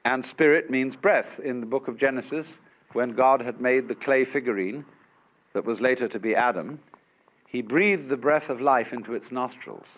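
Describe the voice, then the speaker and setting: A man giving a public lecture in an unhurried, wry way, with chuckles, on an old lo-fi recording from a lecture hall. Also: mid-range voice. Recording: dull lo-fi archive lecture recording.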